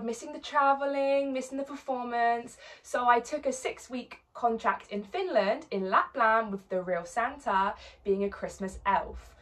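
A woman's voice: fairly high pitch, a bit bright. A woman, chattily introducing herself and telling a short story. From Isle of Wight, England. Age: 20s. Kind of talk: casual self-introduction to camera.

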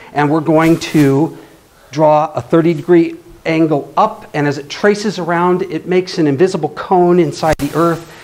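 Playful man lecturing, slightly high voice. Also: darkish tone, slight background noise. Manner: playful, often checks in with the audience. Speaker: astronomy club speaker. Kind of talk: live classroom-style lecture.

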